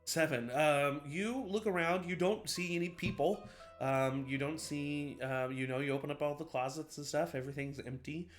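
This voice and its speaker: A man's voice: fairly high pitch, normal speed, faint music behind. A man narrating a tabletop game as game master, loose and full of fillers. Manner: casual, filler-heavy description.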